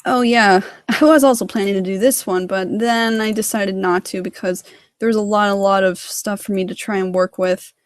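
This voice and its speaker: A woman's voice: mid-range voice, steady tone, normal speed, dry recording. Rambling woman, dry close sound. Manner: rambling, lots of fillers. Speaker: hobby sprite animator. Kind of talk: casual livestream tutorial.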